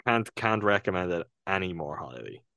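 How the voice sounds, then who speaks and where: A man's voice: deep voice, big pitch swings, moderate pace, bright, forceful tone, dry recording, studio quality. A man with an Irish accent, co-hosting a casual film review podcast and retelling a film with earnest, thoughtful hesitations. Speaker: podcast co-host reviewing films.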